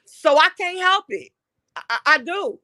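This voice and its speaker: A woman's voice: high-pitched, sing-song, a little slow, pushed and bright, dry recording. A woman hosts an impassioned monologue. She talks bluntly and heatedly and swears often. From Detroit, USA. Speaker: online talk show host.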